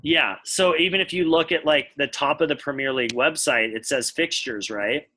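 A man's voice: on the high side, normal speed, bright, forceful tone. An American man co-hosting a podcast, explaining things at length in casual chat while thinking aloud. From United States. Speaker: podcast co-host.

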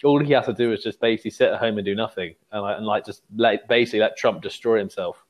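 A man's voice: lowish voice, quick pace. A man co-hosting a casual podcast chat, rambling through his points with lots of filler words. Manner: rambling, heavy use of "like" fillers. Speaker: podcast co-host.

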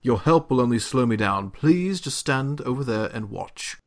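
A man's voice: mid-range voice, expressive, normal speed, pitched above the performer's own voice, natural voice. Man putting on a prim scolding British butler. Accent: bad put-on British. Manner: curt, scolding, condescending. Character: stern prim male butler, former noble.

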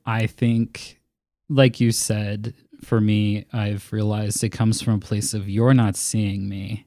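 A man's voice: on the low side, darkish tone, no echo, clean studio sound. Blunt, candid podcast host, man. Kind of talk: casual conversation.

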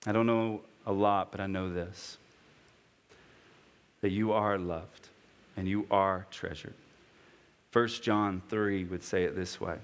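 A man's voice: steady tone, slow pace, long pauses, big-room sound. A man in his thirties preaching a sermon, earnest and personal, rising to impassioned emphasis. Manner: earnest, builds to impassioned high-pitched preaching. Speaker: pastor.

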